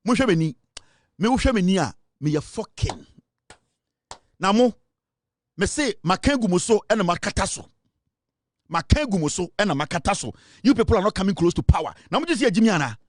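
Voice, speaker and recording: A man's voice: high voice, sing-song, moderate pace, long pauses, no echo, studio quality. A Ghanaian man hosting a political talk show, delivering a boastful, taunting monologue that mixes English and Twi.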